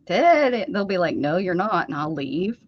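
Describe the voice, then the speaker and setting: Slow-talking woman in her fifties, chatty. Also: fairly low pitch, very animated, no room sound, lo-fi sound. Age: 50s. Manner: chatty, self-teasing, laughing often. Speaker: craft livestream host. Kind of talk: casual livestream chat. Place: home craft room.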